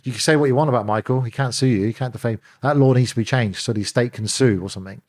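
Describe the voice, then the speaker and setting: A man's voice: mid-range voice, quick pace. A middle-aged man, telling stories as an interview guest and acting out the phone calls he describes. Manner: animated storyteller, acts out phone calls. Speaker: interview guest, former bodyguard. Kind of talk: candid storytelling in an interview.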